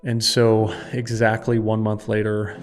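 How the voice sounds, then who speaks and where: A man's voice: fairly low pitch, completely flat delivery, a little slow, faint music behind. A man in his thirties, a podcast guest and founder, telling a personal story in an earnest, emphatic way.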